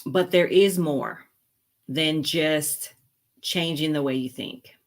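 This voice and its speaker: A woman's voice: low voice, slow. A woman nurse practitioner hosting her channel, talking casually to camera in a rambling way with lots of fillers and restarts. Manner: laughs easily, playful asides to viewers.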